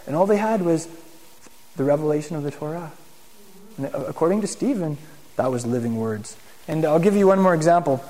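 A man with a high voice gives a conversational sermon to a congregation, lively and informal, often asking his listeners questions. His voice rings through a room with a long reverb. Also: brisk, long pauses. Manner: casual and animated, asks the room questions. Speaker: teacher in a Messianic congregation.

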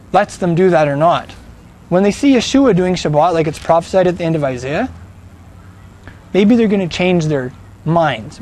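A man's voice: sits high, darkish tone. A man preaching a sermon, emphatic and fond of rhetorical questions.

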